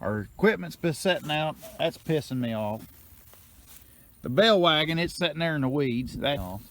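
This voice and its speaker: A man's voice: fairly high pitch, animated, a little fast, a bit bright. A middle-aged man, ranting in a folksy, cussing way about his farm equipment, recorded outdoors on a farm. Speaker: farm vlogger.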